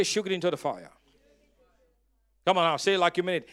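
High, lively-voiced male pastor preaching. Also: brisk. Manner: dramatic preaching, bursts of loud emphasis, calls for audience response; storytelling with humor. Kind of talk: sermon.

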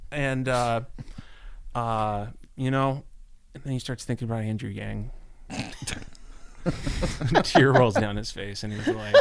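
A guest comedian improvises a silly story on a podcast, hesitating and filling gaps with "uh" and "you know." His voice sits at an ordinary middle pitch for a man. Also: steady tone, slow, vocal fry, pauses often, crowd noise. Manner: hesitant, filler-heavy.

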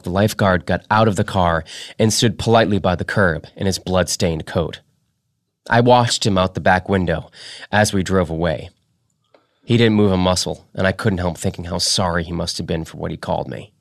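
With a deep, low voice, the podcast host delivers a fiction reading in a steady, unhurried way. Miked closely, the audio is dry and carries no room sound.

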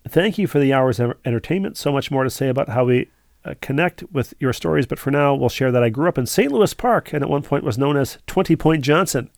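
A man's voice: mid-range voice, lively intonation, brisk, creaky, no echo, clean studio sound. A man co-hosting a podcast, reading listener emails aloud and wandering off into rambling asides in casual chat. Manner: rambling, digressive, full of asides. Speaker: podcast co-host.

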